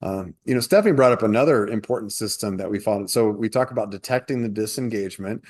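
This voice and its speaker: A man co-hosting a podcast from a shared office, talking through workplace problems in a casual, animated way on a headset mic. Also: lowish voice, fast. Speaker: podcast co-host.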